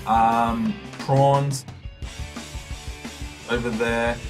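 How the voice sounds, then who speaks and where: A man's voice: mid-range voice, fairly even intonation, extremely slow, over music. Chatty young Australian man telling stories. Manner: chatty, laughing, acts out quotes. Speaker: vlogger. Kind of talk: casual storytelling to camera.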